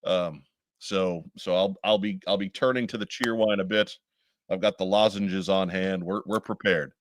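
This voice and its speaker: A man hosting a casual podcast with dry, wry jokes. He sounds congested and hoarse from a chest cold. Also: low voice, fairly even intonation, normal speed, slight background noise. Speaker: podcast host.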